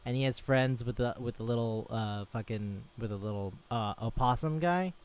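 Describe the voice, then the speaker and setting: A man's voice: mid-range voice, normal speed, darkish tone, smooth. A man casually chatting as a podcast co-host, rambling and swearing, often slipping into silly voices for the characters he retells. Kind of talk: casual chat.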